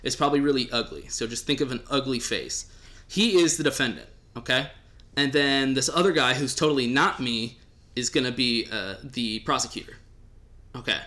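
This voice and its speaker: A man's voice: mid-range voice, brisk, sharp tone. A man hosting a podcast, chatting casually in a joking, rambling way with the odd swear. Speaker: podcast host.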